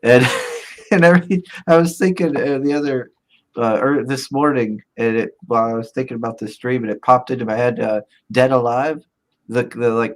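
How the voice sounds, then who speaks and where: A man's voice: medium pitch, moderate pace. A man co-hosting a casual online show, reading out chat messages, rambling and laughing often. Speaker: podcast co-host reading chat.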